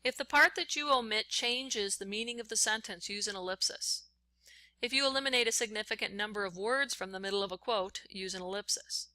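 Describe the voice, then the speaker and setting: A woman's voice: medium pitch, fairly quick, sharp tone, no room sound. A woman teacher talking step by step through a writing lesson while she types on screen. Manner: step-by-step, talks while typing.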